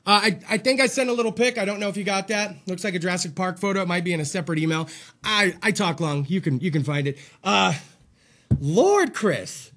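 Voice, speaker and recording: Male host, very high and bright, excitable and crude, slightly out of breath. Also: brisk. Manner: loud, crude, rambling and excitable. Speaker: podcast host. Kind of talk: comedic live-stream talk show.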